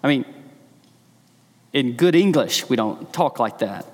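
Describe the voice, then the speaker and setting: A man preaching a sermon in an earnest, emphatic way, slowing and speeding up to stress his points. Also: medium pitch, animated, darkish tone. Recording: long hall reverb.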